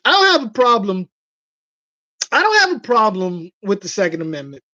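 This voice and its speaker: A woman hosting a casual livestream chat, telling stories with animated delivery and acting out the voices of people she quotes. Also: medium pitch, moderate pace, no echo, lo-fi sound. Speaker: livestream host.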